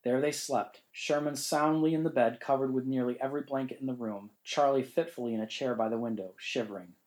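A man reading a ghost story in measured, suspenseful narration. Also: medium pitch, fairly even intonation, a little mellow, rough recording. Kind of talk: scripted narration.

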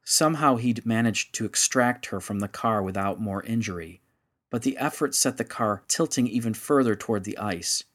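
A man narrating a story in a measured, steady audiobook style. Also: on the low side.

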